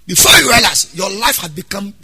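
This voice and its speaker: A man preaching a sermon as pastor, swinging between quiet asides and loud, half-sung exhortations. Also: sits high, animated, fairly quick, husky.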